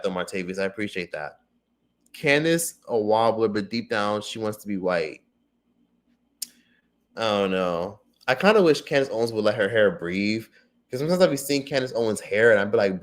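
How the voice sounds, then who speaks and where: A man hosting a casual livestream and reading viewer comments. He is profane and excitable, with loud outbursts that drop to low mutters. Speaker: livestream host.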